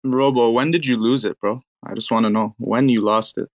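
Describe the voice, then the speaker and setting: A man's voice: medium pitch, steady tone, brisk, no echo. A man co-hosting an online audio chat in a laid-back, teasing, slangy way. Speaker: co-host of an online audio space. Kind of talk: casual chat.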